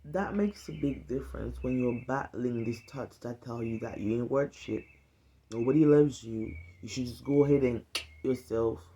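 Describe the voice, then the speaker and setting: A woman's voice: very deep voice, normal speed, dark tone, a little hiss or hum. A woman speaking to camera in a casual, earnest, heartfelt monologue. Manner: earnest, conversational, emphatic. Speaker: vlogger.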